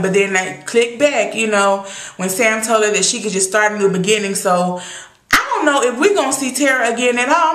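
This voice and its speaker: Speaking fairly quickly in a bright, somewhat high voice, a young woman recaps a TV episode for her vlog in an echoey room. Her casual take is sassy and opinionated, full of exclamations.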